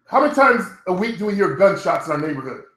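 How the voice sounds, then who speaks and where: Middle-aged male vlogger, profane and blunt, rambling monologue, slightly higher voice, echoey home room. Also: big pitch swings, quick pace, a bit bright. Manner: blunt and profane, talks to viewers directly. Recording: roomy echo.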